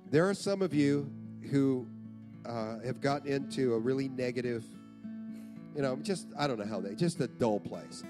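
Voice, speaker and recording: A pastor preaching a sermon in a church, earnest, repeating phrases for emphasis. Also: male voice, medium pitch, expressive, moderate pace, music in the background.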